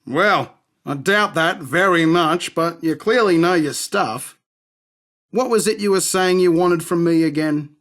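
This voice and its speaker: Brief: a cocky arms dealer, crude and sardonic, slightly high voice, slow drawl. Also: male voice, fairly bright tone. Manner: sardonic, swaggering, rude. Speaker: game character. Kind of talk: game voice acting.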